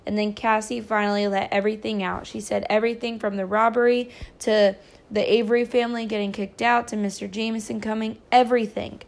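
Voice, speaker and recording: A woman reading a novel chapter aloud, pausing for casual, chatty recaps with small stumbles. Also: medium pitch, little pitch movement, vocal fry. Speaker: reader.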